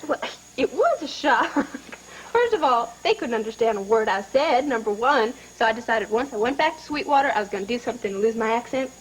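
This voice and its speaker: A woman's voice: fairly high pitch, animated, fairly quick, slightly rough, low-quality recording. An actress playing a bashful, chatty young woman from Texas with a Texas accent, self-deprecating and stammering politely. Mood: shy, friendly. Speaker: veterinary clinic worker visiting town. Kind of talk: daytime soap acting.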